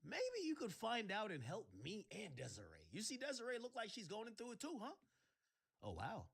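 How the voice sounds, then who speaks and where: A man hosting a livestream, ranting sarcastically in casual chat and breaking into shouts. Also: sits high, huge pitch swings, normal speed, creaky, breathy edge. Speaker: livestream host.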